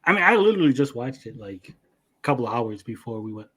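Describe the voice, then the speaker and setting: Animated man retelling an anime. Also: mid-range voice, brisk, husky. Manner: animated retelling with acted-out quotes and swearing. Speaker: anime review podcast co-host. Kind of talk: casual chat.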